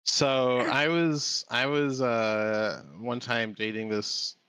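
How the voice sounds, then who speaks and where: A man's voice: medium pitch, steady tone, slow pace, sharp tone, clean tone, no echo, rough recording. A man in a casual chat over a voice call, telling rambling anecdotes full of restarts. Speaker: watch-along participant. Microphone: computer mic on a voice call.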